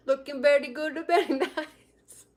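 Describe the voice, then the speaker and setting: A woman imitating a cheerful Indian man who gushes greetings in a drawn-out, sing-song voice with an Indian accent. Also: high-pitched, expressive, darkish tone, voice pushed up. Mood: gushing.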